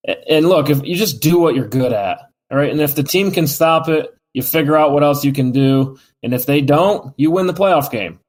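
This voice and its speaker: A man in a casual sports podcast, relaxed and plain-spoken. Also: fairly high pitch, normal speed, hardly any pauses. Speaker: podcast co-host.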